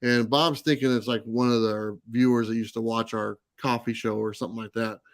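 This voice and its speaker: A man's voice: mid-range voice, little pitch movement, brisk, no echo. A man telling a long anecdote in a casual livestream chat, full of fillers and restarts. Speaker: comics channel host. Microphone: live stream mic.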